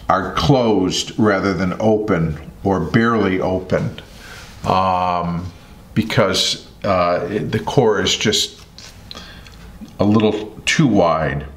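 Slow, low-voiced man reviewing calmly. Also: roomy sound. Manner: unhurried, thoughtful, many fillers. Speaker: host. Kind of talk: product review vlog.

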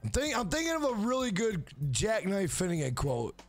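A man's voice: high voice, huge pitch swings, normal speed, soft background music. A man hosting a casual game livestream, talking loosely and profanely to his chat.

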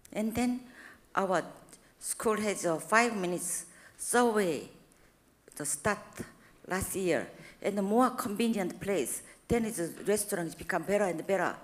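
Korean-accented woman giving a church testimony. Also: mid-range voice. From South Korea. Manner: halting, simple English, with frequent restarts; animated and expressive, rising when emphatic. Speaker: university president giving a testimony.

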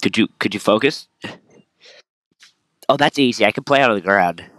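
Sweary guy doing let's play commentary, bright voice, dry close mic. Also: lowish voice, moderate pace, no room sound. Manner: crude, swearing and ranting. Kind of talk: casual game commentary.

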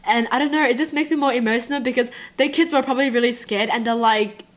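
A woman's voice: on the high side, quick pace. A woman vlogger reacting to touching photos in a gushing, emotional way, often giggling. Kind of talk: casual reaction commentary.

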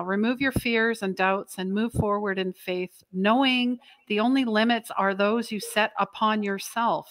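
A woman's voice: fairly high pitch, a bit bright. A woman from Canada hosting a show, upbeat and encouraging as she closes with a spiritual message. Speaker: podcast host and spiritual coach. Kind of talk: casual interview and closing talk.

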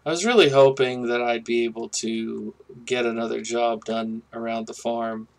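A man hosting a casual gameplay commentary, musing and thinking aloud in a relaxed way. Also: medium pitch, moderate pace. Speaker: gaming channel host.

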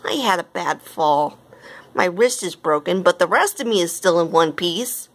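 A woman's voice: lowish voice, lively intonation, normal speed. A woman voicing an elderly, grateful lady, fond and a little fretful, in a read-aloud storybook.

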